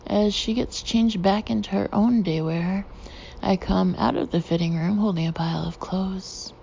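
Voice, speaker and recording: Gravelly woman narrating an audiobook. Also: medium pitch, moderate pace, lo-fi sound, slight background noise. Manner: expressive, dropping into soft breathy asides. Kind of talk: first-person audiobook narration.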